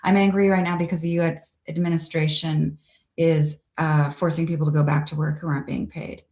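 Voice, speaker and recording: A woman's voice: deep voice, level tone, a little fast, a little mellow, roomy sound. A Canadian woman speaking earnestly and reflectively as an interview guest over a video call.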